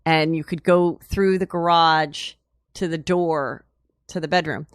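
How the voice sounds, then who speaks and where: In a dry, studio-quality recording, a low-voiced woman speaks with a steady tone and a slightly slow pace. She's an interview guest telling stories casually, rambling candidly with plenty of "like" and "you know," and laughing along the way.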